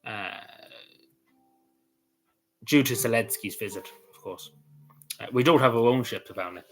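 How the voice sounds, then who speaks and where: An Irish man chatting on a livestream in a mid-pitched voice, wandering from point to point with frequent ums and apologies. Faint music plays underneath his talk. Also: moderate pace, low-quality recording. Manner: rambling, many ums and apologies. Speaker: livestream host. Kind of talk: casual livestream chat.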